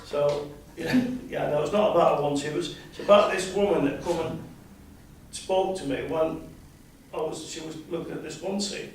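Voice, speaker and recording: A man's voice: on the high side, moderate pace. An older man from Scotland, reading his own rhyming poems at an open mic, with hesitant, rambling chat between them. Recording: very echoey room, mic at a distance, faint noise.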